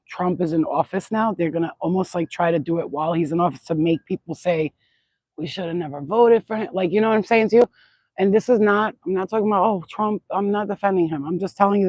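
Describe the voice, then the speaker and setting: A woman's voice: mid-range voice, a little mellow, dry recording, low-quality recording. Chatty, blunt woman on a phone. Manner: chatty, rambling, blunt, swears freely. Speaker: channeler. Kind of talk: casual spiritual vlog chat. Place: outdoors in a yard.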